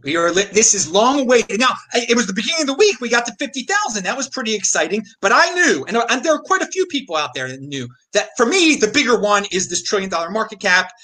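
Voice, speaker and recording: A man hosting an excited live stream, loud and fast-talking. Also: sits high. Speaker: host.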